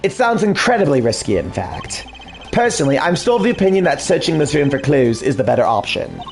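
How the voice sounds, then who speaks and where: A man voicing a composed, formal male prosecutor with a dry, measured delivery, in a fan dub of a video game. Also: a little high, big pitch swings, gravelly, voice pushed down.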